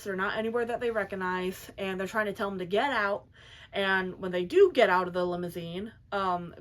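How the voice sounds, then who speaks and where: Chatty young woman recapping a book. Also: medium pitch. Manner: chatty, filler-heavy, animated. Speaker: book reviewer. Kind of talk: casual plot recap.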